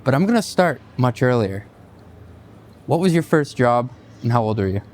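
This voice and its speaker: A man's voice: mid-range voice, very animated, normal speed, a little hiss or hum. A man hosting a podcast interview, joking and self-deprecating, recorded live at a stock exchange. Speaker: podcast host. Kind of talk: casual interview and read ad. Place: New York Stock Exchange floor.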